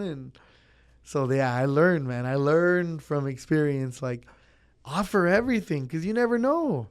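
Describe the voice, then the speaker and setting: A man's voice: on the high side, moderate pace, smooth. A young man in the service trade, talking casually in an interview and acting out chats with customers. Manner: easygoing, acts out customer chats. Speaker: pizza place worker.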